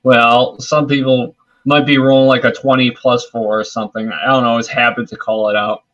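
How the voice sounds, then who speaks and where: Man, tabletop player, easygoing, laughs a lot, mid pitch, dull lo-fi sound. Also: level tone, moderate pace, a bit bright. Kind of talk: tabletop game chat.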